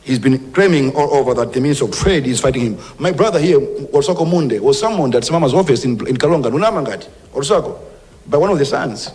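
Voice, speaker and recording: A Malawian man speaks as a government minister, firm and emphatic as he lays out warnings. His voice sits in an ordinary middle pitch. It rings with a long reverb, like a large hall. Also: animated, quick pace. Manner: emphatic, forceful warnings, switching between English and Chichewa. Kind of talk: public speech to press.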